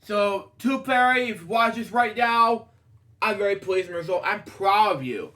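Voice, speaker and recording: A man reads a children's picture book aloud and keeps drifting into rambling personal tangents. His voice sits high and sounds bright and forceful. Every so often he breaks off into sudden excited outbursts. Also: moderate pace.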